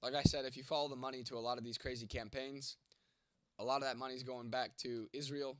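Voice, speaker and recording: A twenty-nine-year-old content creator, stuffed up with a cold and losing his voice, answers chat bluntly and with lots of profanity on a late-night livestream from home. His medium-pitched voice is level, slightly bright and fast, with no room sound.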